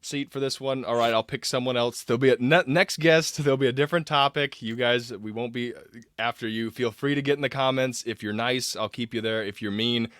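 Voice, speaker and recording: A man's voice: mid-range voice, fairly even intonation, fairly quick, fairly bright tone, clear, resonant tone, no room sound. Joking American man hosting, dry sound. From United States. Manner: friendly, joking host. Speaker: podcast host. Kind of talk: casual interview chat.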